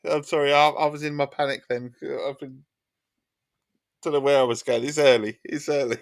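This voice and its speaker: A man with an Essex accent streaming a racing game, chatty, rambling and quick to laugh at himself. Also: a little high, little pitch movement, creaky. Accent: Essex English. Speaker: gaming streamer. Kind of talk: casual chat while gaming. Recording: loud game noise behind voice. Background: racing game engine sounds.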